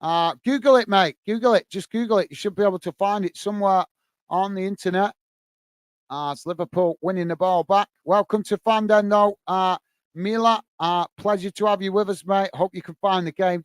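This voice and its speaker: A man's voice: sits high, no room sound. A man hosting a live football watch-along, describing play and chatting with viewers, calling them mate. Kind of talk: live match commentary and chat with viewers.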